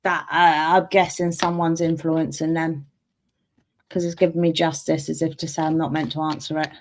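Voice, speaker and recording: A woman doing a live-stream tarot reading, softly calling viewers sweetheart and darling, chatting and laughing as she goes. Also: sits low, level tone, moderate pace, a little hiss or hum. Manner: chats and laughs while reading. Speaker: tarot reader and clairvoyant.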